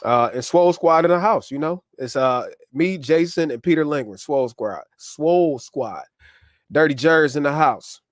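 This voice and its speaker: A man's voice: fairly high pitch, moderate pace, hardly any pauses, dry recording, clean studio sound. A man hosting a casual live stream, chatting loosely with viewers and reading out their comments, on a clip-on wireless mic.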